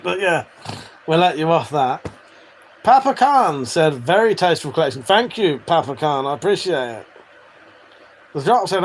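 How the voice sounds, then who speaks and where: A man's voice: high-pitched, slight background noise. Laughing, sweary man on a stream. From Britain. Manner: swears freely, laughs often, jokey and blunt. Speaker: livestream host reading chat. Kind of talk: casual livestream chat.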